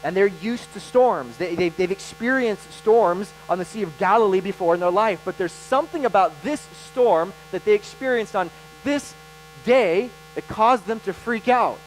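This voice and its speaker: A man preaching a sermon as pastor, animated and emphatic, with dramatic pauses. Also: sits high, soft background music, low-quality recording.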